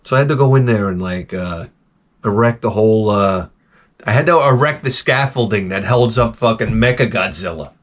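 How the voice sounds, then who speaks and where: A man's voice: lowish voice, moderate pace. A man hosting a video, telling stories in a casual, profane, exasperated rant and jumping into exaggerated voices. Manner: acts out voices in exaggerated bursts. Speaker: video host. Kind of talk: casual ranting monologue.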